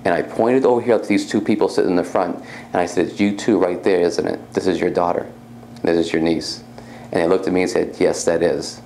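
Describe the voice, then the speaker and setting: Low, gravelly-voiced man recounting his experiences as a medium, casual and rambling. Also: a little fast, darkish tone, slight background noise. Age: young adult. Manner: casual, rambling, repeats himself. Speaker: psychic medium. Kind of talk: personal storytelling.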